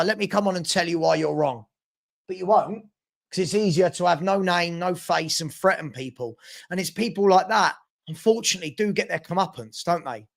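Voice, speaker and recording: Gravelly London man hosting live football chat. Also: sits high, a bit bright. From South London. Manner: blunt, repetitive, scolding chat commenters. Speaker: live show host.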